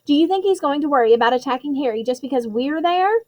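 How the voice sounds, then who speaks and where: A woman's voice: high-pitched, animated, quick pace, darkish tone, voice pushed up. Woman doing a bossy, clever schoolgirl. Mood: scolding.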